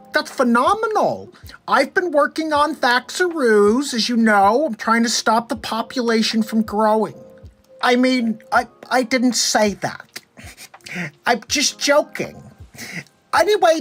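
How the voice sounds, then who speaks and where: A man doing a comedy impression of a nerdy, high-voiced male tech billionaire. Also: fairly bright tone, heavily acted.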